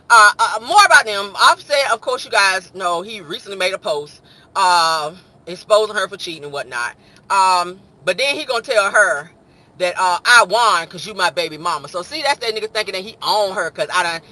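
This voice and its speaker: A man with a high, very bright voice dishes celebrity gossip in a sassy, animated way. He leans into mock voices and punchy asides, talking straight to his audience like a host catching up with regulars. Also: normal speed. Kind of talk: casual gossip commentary.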